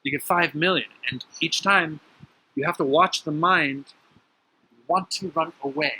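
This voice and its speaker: A man telling stories in a motivational talk about the mind, emphatic, with sudden lively jumps in pitch. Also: measured pace, slightly rough, rough recording. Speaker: spiritual teacher.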